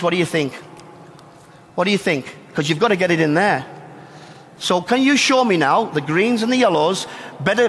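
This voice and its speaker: A man's voice: sits high, a bit bright, breathy edge, in a large hall. A man coaching youth players in a live session demonstration, giving directions and explaining the drill to watching coaches. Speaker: soccer coach.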